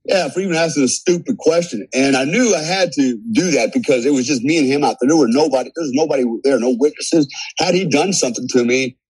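A man on a podcast as a guest, telling a story in a casual, animated way, swearing freely and laughing as he goes. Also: on the high side, quick pace, few pauses, breathy edge, no echo, rough recording. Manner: animated, profane, laughs through his story.

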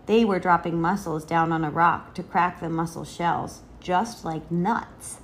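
A woman reading a children's picture book aloud in an expressive storytelling manner. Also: lowish voice, a little slow, a little hiss or hum. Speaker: reader.

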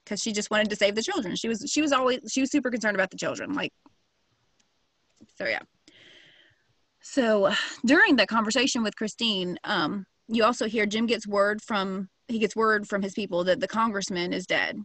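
A woman's voice: medium pitch, normal speed, a bit bright, no echo. A woman casually telling a true crime story to a co-host, full of fillers and slang. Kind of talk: casual chat.

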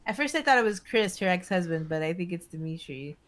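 A woman's voice: lowish voice, lively intonation, quick pace, slight background noise. A woman co-hosting a podcast, telling a true-crime story in a laid-back, wry way. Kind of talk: casual true-crime chat.

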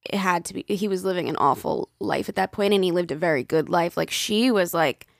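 A woman co-hosting a podcast in casual chat, telling stories with lively acted-out quotes. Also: fairly low pitch, a little fast, vocal fry, no echo, studio quality. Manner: animated storyteller acting out quoted voices. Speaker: podcast co-host.

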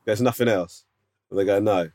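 Teasing man, lively voice. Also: mid-range voice, no room sound. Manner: teasing, incredulous questions, quick restarts. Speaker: podcast co-host. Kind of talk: casual chat.

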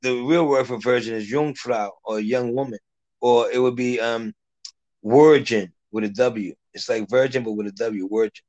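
A man's voice: mid-range voice, steady tone, normal speed, darkish tone, highs cut off. A man in casual chat, telling joking stories and mimicking the people in them. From United States. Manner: joking storyteller, mimics others. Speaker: conversation partner.

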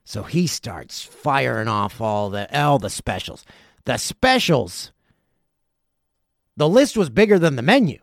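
Forties male podcast host, lively storyteller with a gravelly voice, dry close sound. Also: mid-range voice, slow, no room sound. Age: 40s. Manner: animated, profane, laughs through the telling. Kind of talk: casual storytelling.

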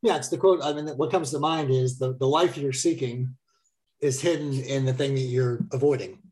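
A man's voice: medium pitch, fairly even intonation, normal speed, a little mellow. Reflective male podcast host. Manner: reflective, loosely paraphrasing. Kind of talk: casual conversational interview.

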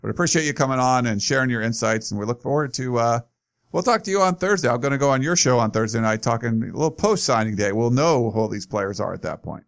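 A man's voice: medium pitch, expressive, quick pace, creaky. Easygoing male podcast host. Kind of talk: casual podcast chat.

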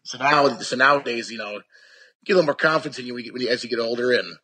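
A man's voice: mid-range voice, very fast, pushed and bright, husky. A young man chatting casually as an interview guest, rambling with lots of restarts and fillers.

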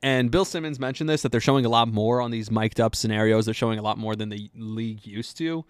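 A man with a lowish voice talks through basketball in a loose, rambling way. His speech is full of fillers and quick asides. The recording is dry and close, with no room sound. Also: steady tone, no echo. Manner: chatty and rambling, with many fillers. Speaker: sports podcast host. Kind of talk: casual sports commentary.

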